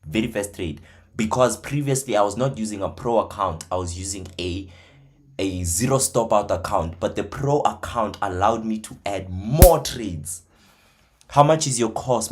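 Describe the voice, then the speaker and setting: A man, a trading mentor, telling stories in casual talk, animated, swinging from hushed to loud. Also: on the low side, normal speed. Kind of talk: casual storytelling.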